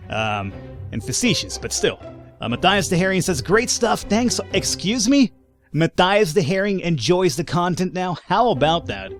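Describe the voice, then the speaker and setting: A man's voice: on the high side, expressive, normal speed, soft background music. A man giving casual, sarcastic let's-play commentary, rambling and swearing freely. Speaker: gameplay commentator.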